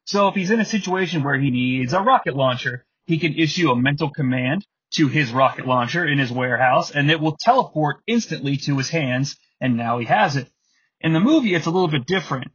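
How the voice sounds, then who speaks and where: A man in his thirties talks through his podcast alone, chatty and rambling, with frequent fillers. His voice sits fairly high and sounds husky. The recording is dull and lo-fi. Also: animated, a little fast, a bit bright. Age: 30s. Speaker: podcast host. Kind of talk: casual solo commentary.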